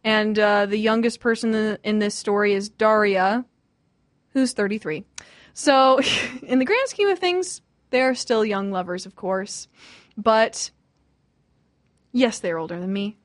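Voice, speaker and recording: A woman's voice: mid-range voice, unhurried, dry recording, studio quality. A woman in her twenties hosting a radio show, chatting casually and giggling as she reads listener messages. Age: 20s. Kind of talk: casual storytelling chat.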